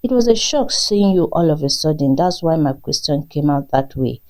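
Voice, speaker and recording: A woman's voice: low-pitched, lively intonation, moderate pace, a little mellow. A woman storyteller voicing an earnest young man who talks in a pleading, eager way.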